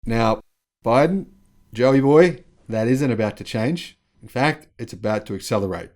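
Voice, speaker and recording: A man's voice: lowish voice, moderate pace. Chatty, sarcastic man hosting a vlog. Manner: chatty, sarcastic, laughs at the news. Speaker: channel host. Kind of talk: news commentary vlog.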